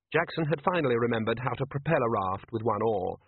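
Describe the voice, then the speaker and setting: A man narrating an audiobook in an unhurried, dry storytelling manner. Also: medium pitch, expressive, breathy edge. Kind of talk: audiobook narration doing character voices. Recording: tinny lo-fi dry recording.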